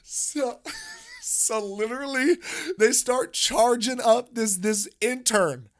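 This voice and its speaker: A man co-hosting a podcast, telling a story in a casual, animated way, with frequent restarts and repeated words. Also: very high voice, slow pace. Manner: animated, rambling with many restarts. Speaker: podcast co-host.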